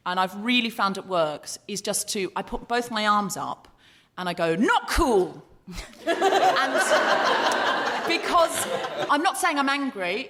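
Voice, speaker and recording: A woman hosting a live comedy podcast on stage, confident, playful and emphatic as she banters. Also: medium pitch. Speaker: host. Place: live venue before an audience. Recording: live hall recording, loud crowd and noise.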